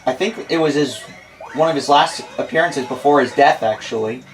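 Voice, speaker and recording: A man's voice: medium pitch, moderate pace, faint music behind, low-quality recording. Rambling American gamer in his twenties. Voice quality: rambling, self-deprecating, many fillers. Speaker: let's play host. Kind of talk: casual gameplay commentary.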